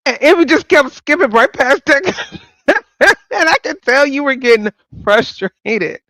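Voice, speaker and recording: A woman's voice: a little high, sing-song, normal speed, a bit bright, no room sound, low-quality recording. A woman hosting a casual livestream chat, talking to viewers by name and laughing often. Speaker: livestream host.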